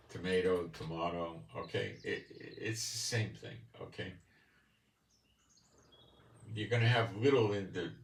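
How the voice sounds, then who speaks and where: A man with a leftover New York accent gives a bible teaching in a very low, unhurried voice. He talks in a folksy way and keeps asking if you're with him. He is picked up in a roomy space from some way off the mic, with faint ambience behind. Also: far from the mic, a little hiss or hum. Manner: folksy, keeps checking in with listeners. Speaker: channel host.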